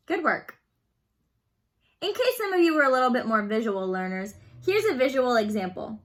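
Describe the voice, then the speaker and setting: A woman's voice: on the high side, very animated, moderate pace, a bit bright. A woman teaching a beginner Spanish lesson online, explaining phrases patiently and leading repeat-after-me drills.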